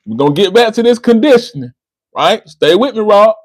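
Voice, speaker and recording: A man's voice: high-pitched, expressive, a little fast, no echo, rough recording. A man, hosting a call-in debate and lecturing the caller. He keeps repeating the caller's name and restarting his words. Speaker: host of a call-in debate stream. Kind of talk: argumentative call-in discussion.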